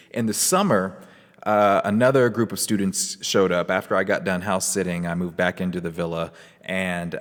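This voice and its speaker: A man's voice: fairly low pitch, long reverb tail. A man hosting a podcast, telling a personal ghost story in a rambling, laid-back way with lots of fillers. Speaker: podcast host. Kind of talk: casual storytelling.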